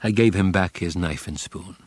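A man narrating a memoir audiobook in a grave, measured, subdued way. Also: low voice, breathy edge, dry recording. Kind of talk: scripted narration.

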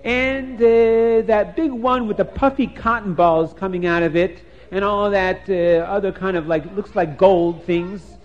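A man doing a chatty excitable poet. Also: high-pitched, measured pace, few pauses. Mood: excited. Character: cheerful talkative poet man, husband. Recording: dull lo-fi recording.

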